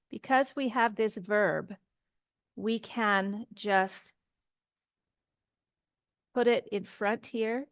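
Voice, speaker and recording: A woman's voice: mid-range voice, no room sound, studio quality. A woman teaching an English grammar lesson, explaining patiently and repeating example phrases to model pronunciation.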